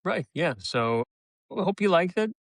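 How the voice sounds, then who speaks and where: A man co-hosting a casual podcast chat, talking in a relaxed, measured way with many fillers. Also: high voice, no echo, studio quality. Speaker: co-host.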